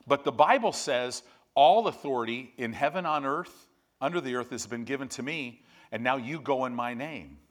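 A man preaching a sermon. He tells stories with lively, loud bursts and then drops to low, quiet emphasis.

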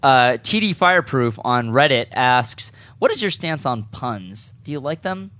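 A man co-hosting a casual group chat, talking excitedly and urging listeners. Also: medium pitch, a little slow. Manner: excitable, pleading. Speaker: co-host.

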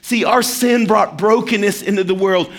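A man preaching a sermon as pastor, animated and acting out quoted voices. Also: high-pitched, normal speed.

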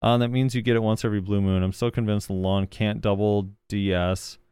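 A man co-hosting a gaming podcast reads viewer comments and responds in a relaxed, faltering way packed with fillers. His voice is fairly low, warm and smooth, with little pitch movement and a slightly fast pace, and there is no echo.

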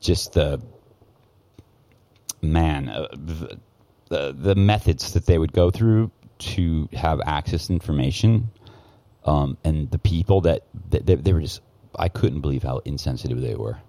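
Guest: very low male voice, dry close sound, swears a lot and stops and restarts as he tells a story. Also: dark tone, no room sound. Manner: profane, heated, halting with many restarts. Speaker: guest, former news cameraman. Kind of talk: casual podcast storytelling.

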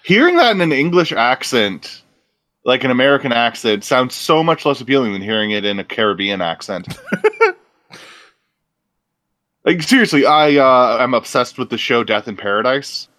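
A man's voice: medium pitch, animated, normal speed, a bit bright, no echo. A tired man joking and laughing often as he chats while watching a show. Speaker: co-host of a watch-along.

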